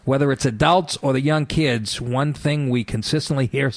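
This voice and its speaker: A male talk radio host ranting in a sarcastic, profane monologue. His voice sits at an ordinary middle pitch and sounds dry and close, with no room around it. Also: normal speed, dry recording.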